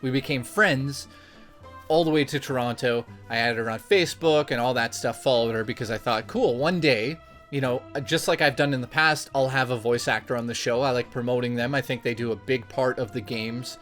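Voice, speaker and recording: A young man, a YouTuber, telling a story to his viewers in an animated, excitable, jokey way. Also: medium pitch, a little fast, faint music behind. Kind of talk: casual storytelling vlog.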